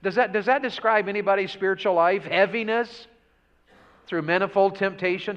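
A man's voice: sits high, normal speed, fairly bright tone, clean tone. A man preaching a revival sermon, folksy and full of questions to the congregation. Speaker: pastor. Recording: dull lo-fi church audio.

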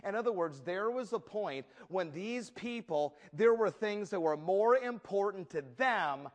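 Male preacher, a touch high-voiced, sermon full of comic anecdotes. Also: unhurried. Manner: humorous storytelling, lively acted asides. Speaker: pastor.

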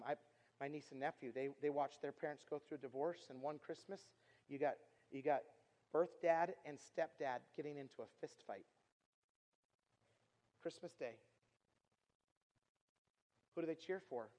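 A middle-aged man giving an earnest storytelling sermon as a youth speaker, repeating himself and dropping from loud to hushed. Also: a little high. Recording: long reverb of a large hall.

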